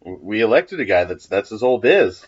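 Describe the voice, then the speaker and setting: A man's voice: lowish voice, sing-song, fairly quick. A man co-hosting a casual comedy podcast, sarcastic and wry, laughing often. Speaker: podcast co-host. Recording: dull lo-fi podcast audio.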